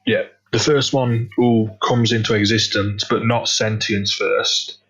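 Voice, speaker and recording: A man's voice: on the low side, steady tone, measured pace, a bit bright, husky. A man in casual podcast chat, explaining lore with lots of fillers, on a dull lo-fi mic. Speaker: podcast guest.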